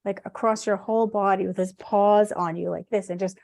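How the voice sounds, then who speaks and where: A woman's voice: mid-range voice, fairly even intonation, brisk, vocal fry, a little mellow, no echo, clean studio sound. A woman giving an animal communication reading, rambling and hesitant with many restarts. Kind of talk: live online reading.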